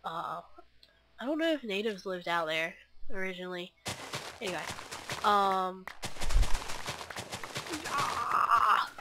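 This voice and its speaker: A woman's voice: medium pitch, moderate pace, long pauses, background noise. A young woman chatting to camera in a scattered, rambling way, full of fillers and restarts. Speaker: vlogger. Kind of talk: rambling casual chat.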